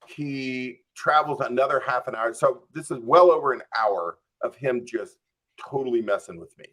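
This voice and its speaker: Telling a lengthy story as a podcast guest, this man acts out his own quoted thoughts with animation, scattering "like" and "I'm just like" throughout. He has a medium pitch and a moderate pace.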